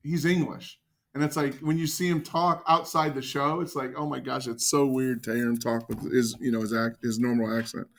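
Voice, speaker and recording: A man teaching a math class, joking with students and quizzing them with quick questions. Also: medium pitch, level tone, creaky.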